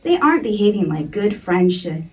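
A woman voicing a gentle, comforting grandmother in a children's story, speaking softly and reassuringly. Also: medium pitch, very animated, moderate pace, distant mic, lightly acted. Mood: tender. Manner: soft and reassuring.

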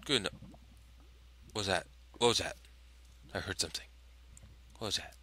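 A man's voice: deep voice, moderate pace, pushed and bright, a little hiss or hum. A man hosting a let's play at home at night, muttering to himself, dropping to whispers and bursting into frustrated cries. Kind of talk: gaming commentary.

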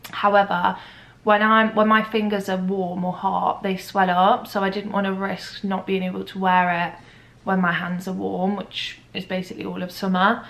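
A woman's voice: mid-range voice, little pitch movement, moderate pace, creaky, fairly bright tone, poor audio. A young woman chatting casually to camera at home, gushing and rambling with lots of "like"s. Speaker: vlogger. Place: at home, kitchen.

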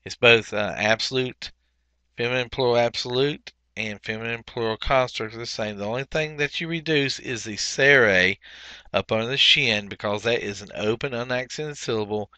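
A man teaching a Biblical Hebrew workbook lesson, explaining methodically step by step and pausing often with fillers. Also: mid-range voice, sharp tone, no room sound. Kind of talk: recorded workbook walkthrough lesson.

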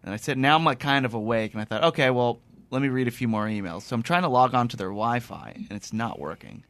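A man hosting a podcast, spinning a casual anecdote with animated energy and quick laughs. He acts out both sides of his phone calls as he goes. The room sounds dry, with no echo. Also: mid-range voice. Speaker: podcast host. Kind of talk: casual storytelling chat.

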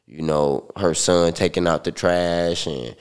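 A man recounting a personal story in a relaxed interview, talking loosely with many fillers. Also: low voice, unhurried, smooth. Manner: relaxed, loose, full of fillers like "like" and "you know". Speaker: guest.

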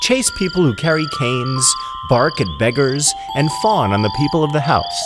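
A man's voice: medium pitch, animated, moderate pace, over loud music, natural voice. A man voicing a boastful, well-fed house dog in a children's fable.

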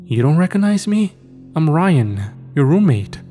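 A smug demon hiding in a young man's body taunts with easy, mocking menace, as a male narrator puts him on. The tone is dark and mellow, and the pitch jumps up high when he mocks. It sounds like a horror story read aloud. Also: sing-song, measured pace, faint music behind.

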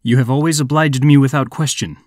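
A man's voice: mid-range voice, fairly even intonation, a little fast, darkish tone, no echo, studio quality, natural voice. A man voicing a defiant, cunning male sorcerer who talks in a haughty, commanding way in a storytelling podcast.

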